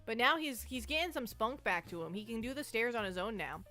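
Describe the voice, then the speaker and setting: Brief: jittery woman streamer, bright high voice, faint music behind. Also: lively intonation, a little fast. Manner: nervous, rambling, self-interrupting. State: anxious and shaky. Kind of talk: casual live-stream chat.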